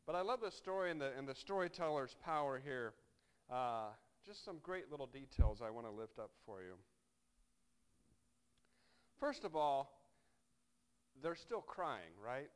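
A man delivers a sermon in a conversational, wry manner, checking in with his listeners with frequent asides. His voice sinks soft and low in reflective moments, then lifts loud and animated when he drives a point home. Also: smooth. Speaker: pastor.

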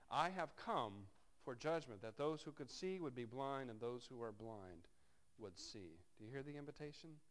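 A medium-pitched man preaches as a pastor, reading scripture and drifting off into wry, chatty remarks to his congregation.

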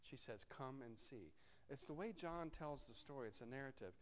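A man's voice: mid-range voice, lively intonation, normal speed, slight background noise. A man preaching a sermon, reading scripture aloud and breaking off into wry, conversational asides to his congregation. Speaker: pastor.

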